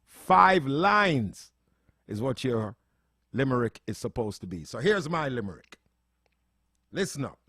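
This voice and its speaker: A man's voice: medium pitch, sing-song, a little slow, sharp tone, breathy edge, dry recording, studio quality. Man hosting a radio show. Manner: laughing, playful banter. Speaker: radio host. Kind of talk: casual radio chat.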